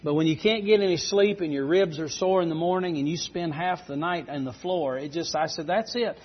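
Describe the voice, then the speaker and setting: Man, middle-aged, preacher, folksy storytelling, husky, muffled lo-fi sound. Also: on the high side, fairly quick. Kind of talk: sermon. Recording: dull lo-fi recording.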